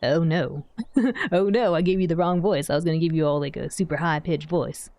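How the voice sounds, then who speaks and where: A woman's voice: low-pitched, brisk, mellow, no room sound. A woman streamer chatting casually over a game, laughing and reading its lines aloud. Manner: chatty, laughs often, reads dialogue aloud. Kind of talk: game commentary.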